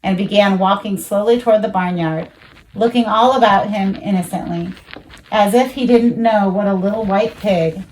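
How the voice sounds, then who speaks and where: A woman reading a children's storybook aloud, expressive, jumping high for the animal voices. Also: moderate pace, a little hiss or hum, poor audio. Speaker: children's book reader.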